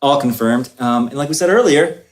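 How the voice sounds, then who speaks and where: A man's voice: medium pitch, fairly quick. Enthusiastic man hosting a lobby interview. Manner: enthusiastic, hesitant with ums. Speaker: podcast co-host. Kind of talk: casual interview. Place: hotel lobby. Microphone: field recorder.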